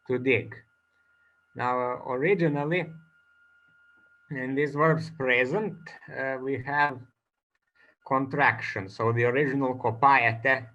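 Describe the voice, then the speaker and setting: Slow, hesitant linguist, lo-fi. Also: male voice, mid-range voice, fairly bright tone. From Croatia. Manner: slow, hesitant, many uh fillers between phrases. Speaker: conference speaker, linguist. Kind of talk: academic conference talk. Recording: dull lo-fi recording.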